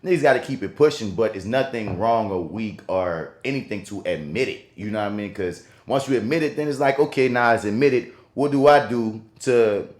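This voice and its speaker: A man's voice: lowish voice, fairly quick, hardly any pauses. A man co-hosting a podcast in casual chat, telling stories with heavy slang and plenty of swearing. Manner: profane, emphatic slang-heavy storytelling. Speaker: podcast co-host. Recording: roomy echo.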